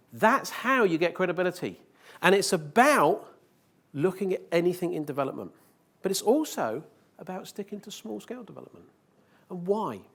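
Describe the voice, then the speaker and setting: A man giving a live conference presentation, joking with the audience and asking rhetorical questions. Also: sits high. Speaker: conference speaker. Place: conference hall.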